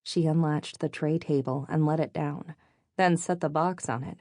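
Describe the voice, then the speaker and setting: A woman with a low voice reads a novel aloud in an even, measured storytelling manner. The sound is close and dry, with no room around it. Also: no room sound. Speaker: audiobook narrator. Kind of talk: scripted narration.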